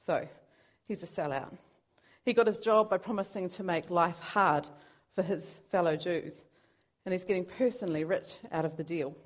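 A woman's voice: on the low side, normal speed. A woman preaching a sermon in an earnest, conversational way, now and then poking fun at herself. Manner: earnest, conversational, self-deprecating.

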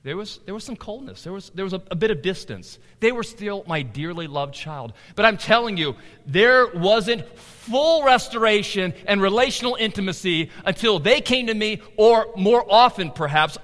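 A middle-aged pastor with a high, bright voice delivers his sermon, his pitch rising and falling with lively swings. He moves from loud, urgent emphasis to near-whispered intimacy. His words ring out through a hall with a long, lingering reverb. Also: moderate pace, hardly any pauses.

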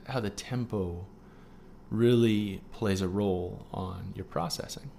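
Man hosting a coaching podcast, lowish voice. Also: slow, gravelly, warm tone, a little hiss or hum. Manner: guides listener through a writing exercise, frequent "okay?" check-ins; playful asides mixed with earnest teaching. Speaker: podcast host. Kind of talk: solo podcast coaching talk.

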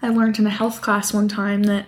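A woman's voice: mid-range voice, monotone, normal speed, slight background noise. A young woman co-hosting a horse podcast, chatting and thinking aloud. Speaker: podcast co-host. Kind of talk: casual podcast chat.

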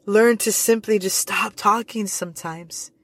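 Preacher, devotional sermon, slow and earnest with repeated emphasis, dry close sound. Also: mid-range voice, fairly even intonation, gravelly, fairly bright tone, no echo.

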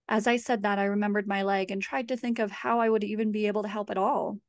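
A woman reads her horror fiction aloud in a measured, steady way. Her voice sits at a middling pitch, and the recording is dry and close, with no room sound. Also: no echo. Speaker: author. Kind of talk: horror story reading.

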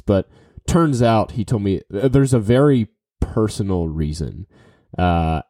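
A man's voice: deep voice, mellow, dry recording, studio quality. A man telling a casual story full of fillers and restarts, giving tips to business listeners. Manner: rambling, with many fillers and restarts.

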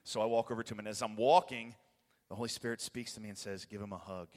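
A man from the United States giving an excitable, rambling sermon testimony in a church, laughing often and getting passionate. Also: mid-range voice, quick pace. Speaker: guest preacher giving a testimony. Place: church sanctuary. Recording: long echoey hall reverb.

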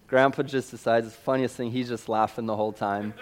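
A man from Missouri telling a lively personal story in a sermon, acting out sound effects and voices. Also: mid-range voice, fast, slight background noise.

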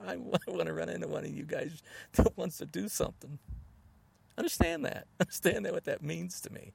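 Gravelly man ranting with mocking taunts. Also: a little high, a little fast, a little hiss or hum. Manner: taunting, repetitive name-calling. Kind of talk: angry political rant to camera.

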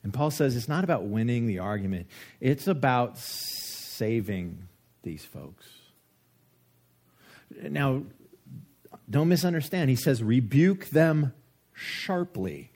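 A man preaching a sermon, joking and animated, with lots of rhetorical questions, in a church. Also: medium pitch, slow pace, long pauses. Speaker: pastor.

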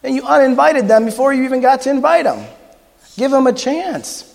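In a church sanctuary full of long hall reverb, a man preaching as pastor animatedly tells stories and performs the voices of their characters. His voice is extremely high, creaky, and a little fast.

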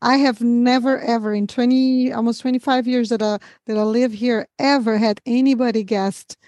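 A middle-aged Brazilian woman hosts an interview in a Brazilian accent touched by a US southern twang. She speaks eagerly, laughs often and restarts her words. Her voice sits high and sounds mellow, recorded dry and close. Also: fairly even intonation, moderate pace, dry recording. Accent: Brazilian Portuguese with a US southern twang. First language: Portuguese. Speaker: podcast host.

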